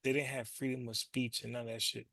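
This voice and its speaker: A man's voice: mid-range voice, level tone, quick pace, creaky, fairly bright tone, dry recording. A man hosting his own show, talking loosely and profanely and doubling back on his words as he explains. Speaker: show host. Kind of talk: casual commentary monologue.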